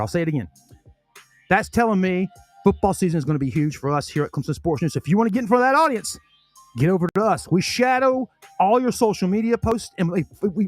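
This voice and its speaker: A man hosting a casual podcast, reading sponsor spots in a folksy, chatty way, often correcting himself and talking while chewing food. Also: high voice. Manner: chatty, folksy, self-correcting salesman patter.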